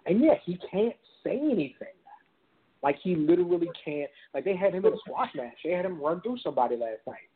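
A man's voice: high voice, big pitch swings, fairly quick, a little hiss or hum. A man co-hosting a podcast, talking in a blunt, conversational way. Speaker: podcast co-host. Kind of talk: casual chat. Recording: husky voice on a phone-like line.

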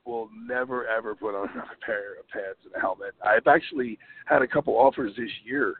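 A man's voice: fairly low pitch, brisk, gravelly, husky. Emphatic man on a tinny phone line. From New Jersey. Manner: emphatic, plain-spoken, repeats himself for stress. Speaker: wrestler and former football player, guest. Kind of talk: podcast interview over the phone.

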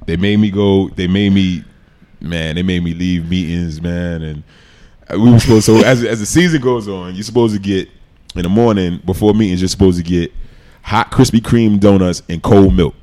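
A man, telling stories as a guest in a casual interview, animated and laughing often. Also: sits low, normal speed. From New York City. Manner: animated storyteller, laughs often, acts out quotes. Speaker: podcast guest, former football player.

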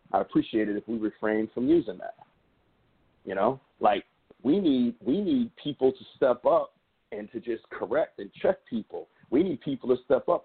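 Middle-aged guy cohosting a podcast, fired up and telling stories, husky voice, sounds like it's over the phone. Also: medium pitch, phone-quality sound. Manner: passionate, storytelling, emphatic. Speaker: podcast co-host. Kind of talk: casual chat.

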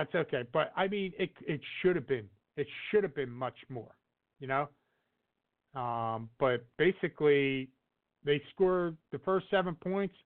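A man co-hosting a casual sports chat, rambling through fillers and restarts. His voice sits somewhat high, and the audio is narrow and tinny, like a phone line. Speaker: podcast co-host.

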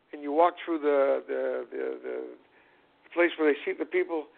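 A man's voice: on the high side, vocal fry. A man, a former boxing champion, telling his life story in a rambling conversational way, repeating words and restarting. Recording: phone-like narrow band radio audio.

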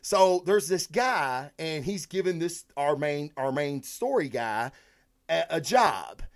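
Excitable, profane man reviewing comics. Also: fairly high pitch, slow pace. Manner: excitable, profane, rambling storyteller. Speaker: comic book review host. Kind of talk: casual livestream review.

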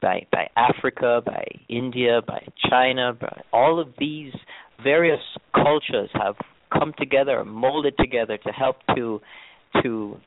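A man's voice: mid-range voice, dry recording. A man with a lightly toned-down Jamaican accent, answering interview questions in an easygoing way with lots of fillers and restarts. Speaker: tourism board guest. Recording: dry, tinny phone line.

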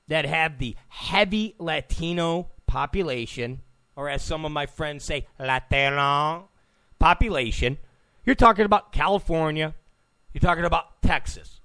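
A man's voice: on the high side, expressive, unhurried, a bit bright. A man hosting a political talk show, giving an opinionated monologue, emphatic, repeating phrases and stammering on restarts.

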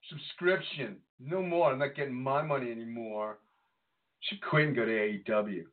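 Man, podcast co-host, exasperated ranting, mid-pitched voice, tinny phone-like sound. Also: brisk. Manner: animated, exasperated ranting, breaks into laughter. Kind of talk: casual wrestling chat.

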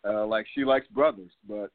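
A man's voice: on the low side, steady tone, normal speed, vocal fry, no echo. A man in his fifties hosting a casual sports talk show, loose and rambling, full of fillers and laughs. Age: 50s. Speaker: podcast host. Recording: phone-like line, dry sound.

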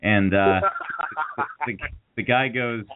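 A man's voice: lowish voice, steady tone, slow pace, background noise. A man telling a long story in casual chat, rambling with fillers and restarts and mocking the people in it. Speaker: podcast co-host. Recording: tinny phone-like audio.

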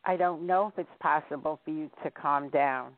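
A woman's voice: sits low, normal speed. Woman radio host over a tinny line. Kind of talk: casual radio chat.

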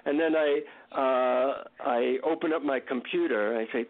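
A man, a guest author, tells an animated, self-mocking anecdote in an interview over a tinny phone line. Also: fairly high pitch, normal speed, creaky. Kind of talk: storytelling in an interview.

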